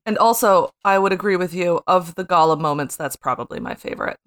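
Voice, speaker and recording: A woman's voice: fairly low pitch, brisk, a bit bright, smooth. A woman co-hosting a casual chat in a giggly, enthusiastic way. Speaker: podcast co-host.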